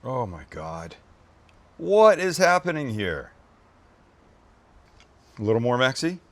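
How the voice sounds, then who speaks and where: A man hosts a casual cooking show in a very animated, mid-range, slightly bright voice, taking things slowly. Building a dish, he gushes over the food with exclamations and tosses chatty asides to his crew.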